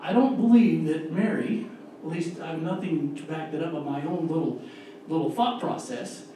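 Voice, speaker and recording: A lay preacher delivers a sermon with scripture reading in a church sanctuary, speaking earnestly and emphatically and slowing down to stress key words. His voice is on the high side and warm. The distant, echoey recording carries a little hiss or hum.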